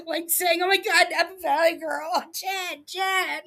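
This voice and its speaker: A woman's voice: very high-pitched, steady tone, slow, pushed and bright. A woman casually gossiping about online stream drama, with laughing asides.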